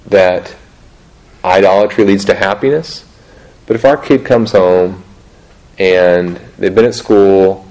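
A middle-aged man talking through parenting in a casual, halting way, restarting sentences often and laughing at himself. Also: on the low side, darkish tone, rough recording. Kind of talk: casual teaching talk on parenting.

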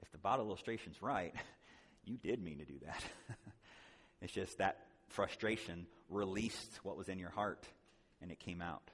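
A man's voice: low-pitched, normal speed, slightly rough, in a large hall. A man speaking at a conference, teaching in a conversational way, often checking in with "right?" and adding joking asides. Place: conference hall.

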